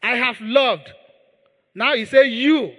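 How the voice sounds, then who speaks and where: High-voiced, bright pastor preaching in a hall. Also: male voice, lively intonation, takes it slowly. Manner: emphatic, repeats key words, leads the congregation in prayer. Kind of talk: sermon.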